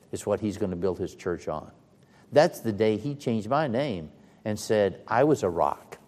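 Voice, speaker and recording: A man's voice: fairly low pitch, darkish tone. A man preaching a sermon in a dramatic, emphatic way, sometimes speaking in the first person of the scripture he retells. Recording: long reverb of a large hall.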